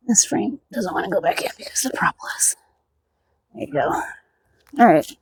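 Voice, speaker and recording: A woman with a slightly high voice talks her bees through an outdoor hive inspection, chatty and casual, muttering to herself along the way. The recording is dry.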